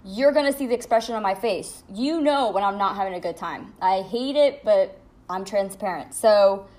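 A young woman telling a storytime vlog at home in a blunt, profane, animated way. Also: mid-range voice, moderate pace. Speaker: vlogger. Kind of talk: storytime monologue.

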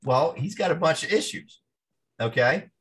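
Animated New man telling stories. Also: on the high side, normal speed. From New Jersey. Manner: animated storyteller, acts out quoted voices. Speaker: actor guest. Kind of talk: storytelling interview.

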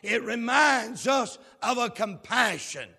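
A man preaching in a church, his voice high and bright, ringing with a long hall echo. He speaks slowly and drawls his key words. Every so often he whoops or shouts for emphasis. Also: animated, vocal fry, breathy edge. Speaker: pastor. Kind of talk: sermon with opening prayer. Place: church sanctuary.

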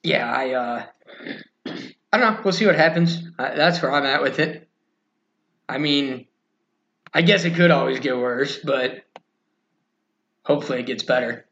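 A man's voice: mid-range voice, a little slow, vocal fry, long pauses, fairly bright tone. A man co-hosting a casual sports chat in a laid-back, hesitant way. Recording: echoey room, muffled sound.

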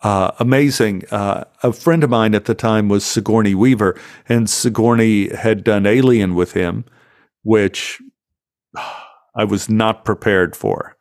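A lowish, unhurried male voice belongs to a middle-aged actor from the United States. He's a podcast guest telling stories in an interview, lively and theatrical, switching to silly voices when quoting.

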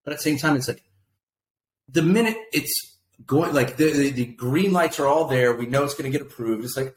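A man's voice: mid-range voice, a little fast. A man co-hosting a podcast, chatting casually and animatedly, laughing and mimicking others. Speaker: podcast co-host. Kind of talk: casual political chat. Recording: echoey room with faint noise.

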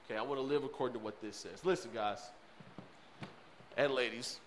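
A man preaching a sermon with emphatic repetition, often checking in with the audience, swinging between loud bursts and hushed pleading. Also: medium pitch, a little fast, a little hiss or hum, low-quality recording. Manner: emphatic and repetitive, addresses the crowd with "okay?".

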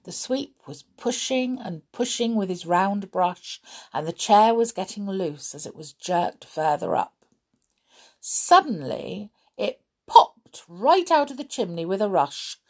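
A woman reading a children's storybook aloud in an expressive, measured storytelling manner. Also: fairly low pitch.

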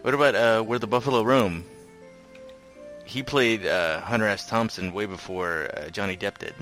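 A man's voice: fairly low pitch, normal speed, fairly bright tone, soft background music. A man in a casual chat who jokes, laughs often and tells stories.

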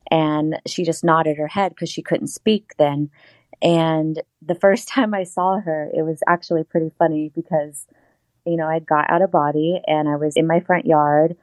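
A woman's voice: sits low, fairly even intonation, normal speed, darkish tone, no echo. A woman guest telling a personal story in casual interview talk, acting out the voices she quotes.

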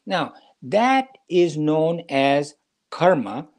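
A man in his seventies, a doctor hosting a talk show, telling an anecdote at an unhurried pace and asking himself rhetorical questions. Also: a little high, very animated. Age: 70s. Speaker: podcast host, doctor. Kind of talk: storytelling talk.

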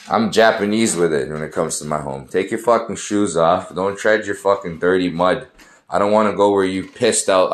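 Profane rambling man in his thirties. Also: low-pitched. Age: 30s. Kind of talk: casual ranting monologue. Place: room in an apartment complex. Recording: echoey room.

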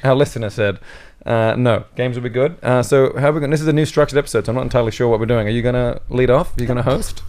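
A man's voice: medium pitch, racing, few pauses, darkish tone. Joking man hosting a podcast. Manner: joking, teasing, rambling with "uh" fillers. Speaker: podcast host and comedian. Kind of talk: casual chat.

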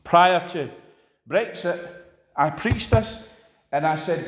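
An impassioned male preacher with a high-pitched voice. He delivers a fiery sermon, rising to loud, emphatic peaks and then dropping to hushed asides. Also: lively intonation, slow pace.

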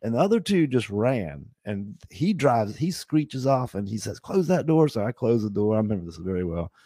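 A man in his fifties tells a long story as a guest, rambling, often restarting and filling with "like". His voice sits low and warm. The sound is close and dry. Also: lively intonation, moderate pace, slightly rough, no echo. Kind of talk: casual storytelling.

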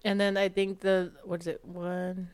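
A woman's voice: lowish voice, little pitch movement, a little slow, darkish tone, clean tone. A young woman co-hosting a podcast, rambling in casual chat with lots of fillers and restarts. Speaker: podcast co-host.

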